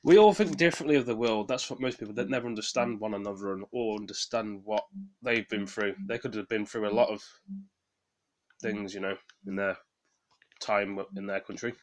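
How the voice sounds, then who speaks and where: A man's voice: lowish voice, fairly quick. A man giving casual, hesitant commentary on news clips, full of fillers like "you know". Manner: hesitant, reflective, filler-heavy.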